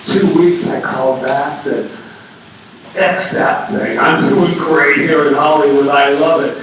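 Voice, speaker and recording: A man delivers an animated sermon, chatty and playful, with a fairly high voice. His voice is picked up from far off in a hall with heavy echo, and faint room ambience lies underneath. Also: a little slow, slight background noise. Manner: animated, conversational preaching with playful asides. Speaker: minister. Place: church sanctuary. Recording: very echoey hall, voice from afar.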